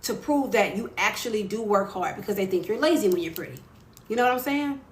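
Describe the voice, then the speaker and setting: A woman's voice: mid-range voice, animated, a little fast. A woman author hosting a casual live stream, chatting encouragingly with viewers and greeting them by name. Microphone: phone. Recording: echoey room with faint ambience.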